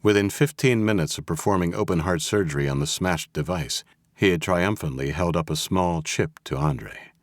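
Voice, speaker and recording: A man narrating a thriller audiobook in a steady, even storytelling manner. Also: sits low, normal speed, no room sound. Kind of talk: scripted narration. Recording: dry close studio audio.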